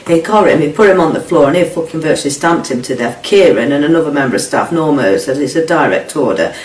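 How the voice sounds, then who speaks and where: A man's voice: fairly high pitch, animated, fast talker. A middle-aged man, giving blunt, sweary personal testimony in an interview and repeating himself as he retells events. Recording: roomy, distant mic, faint ambience.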